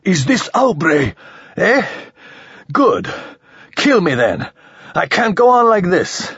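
A desperate, worn-out captive man, as a male storyteller puts him on strains his rasping voice high into panicked shouts. The sound is a little muffled and lo-fi, and the voice has a husky edge. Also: big pitch swings, normal speed, dry recording, full character voice. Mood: desperate, shouting. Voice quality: rasping dry throat. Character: desperate captive adult man, exhausted and furious.

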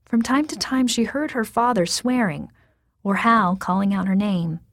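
A woman reading a story aloud in a soft, measured way that sometimes drops to a whisper. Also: mid-range voice, no room sound, clean studio sound. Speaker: narrator.

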